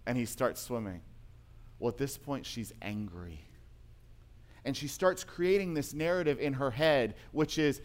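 A male pastor preaching a sermon in a church, moving from emphatic points to quiet, intimate storytelling. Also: medium pitch, measured pace.

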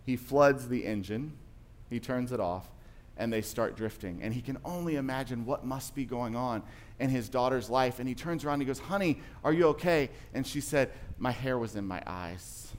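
A man, a pastor, delivers a sermon at a moderate pace in a medium-pitched voice. His storytelling is conversational, climbing at times into emphatic passages.

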